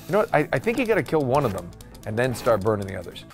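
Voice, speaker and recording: A voice actor bantering and barking orders at the screen while playing a retro video game with a friend. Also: male voice, mid-range voice, rapid-fire, faint music behind. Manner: excitable, barks at the game. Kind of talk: casual gameplay banter.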